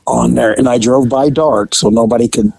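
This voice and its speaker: A man, a former police officer, telling a profane anecdote in an animated, casual way. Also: medium pitch, normal speed, gravelly, husky, no room sound, poor audio. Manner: animated, profane, laughing at own story.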